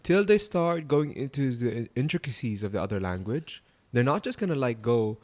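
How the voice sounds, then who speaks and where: A man's voice: medium pitch, normal speed. A man co-hosting a podcast, chatting playfully with joking asides. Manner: playful, animated, jokey interjections. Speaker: podcast co-host. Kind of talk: casual chat.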